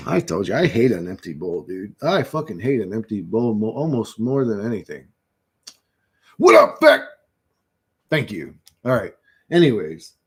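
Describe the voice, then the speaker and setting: A man's voice: on the low side, darkish tone, slightly rough. Profane ranting man on a livestream. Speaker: livestream host. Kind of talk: rambling livestream monologue.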